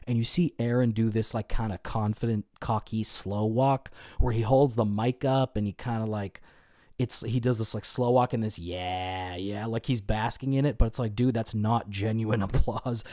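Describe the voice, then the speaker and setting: A man with a lowish voice and a dark, mellow tone hosts a casual livestream, reacting to chat comments. He rambles and swears freely, restarting sentences as he goes. The sound is dry and close, with no room around it. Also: fairly even intonation, moderate pace, no echo. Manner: rambling, profane, many fillers and restarts. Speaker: livestream host.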